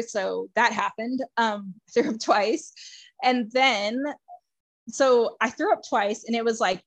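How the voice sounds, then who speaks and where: Woman, podcast guest, casual storyteller, slightly high voice, dry close sound, emotional and laugh-prone. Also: no echo. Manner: chatty, many "like" fillers, laughs often; emotional, swings between excited and hushed.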